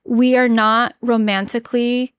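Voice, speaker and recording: A woman in her thirties, a podcast guest telling a personal story in an earnest, halting way, with many fillers and restarts. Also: a little high, little pitch movement, clean tone, no room sound. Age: 30s. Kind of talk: candid interview storytelling.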